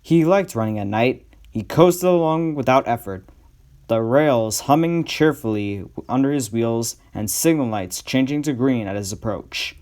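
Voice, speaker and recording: A man reading a storybook aloud as the narrator, in a measured, even way. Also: mid-range voice.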